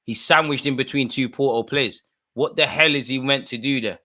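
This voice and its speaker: A man with a mid-range voice co-hosts a live football watch-along at a moderate pace, exasperated and heckling the referee. His commentary and banter swing from mutters to shouts and are full of street slang.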